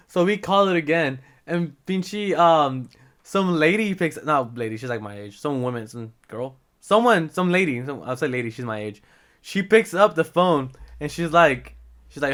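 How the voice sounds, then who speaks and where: A man's voice: medium pitch, brisk, a bit bright, smooth. A young man telling a rambling, profane story to the camera as a casual vlog, switching between English and Spanish. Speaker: vlogger.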